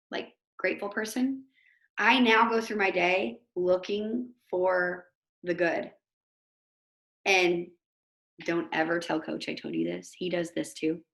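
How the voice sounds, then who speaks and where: A woman teacher giving an informal motivational talk over a video call, chatty and animated, with lots of fillers. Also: on the low side, vocal fry, reverberant. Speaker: host of an online motivation talk.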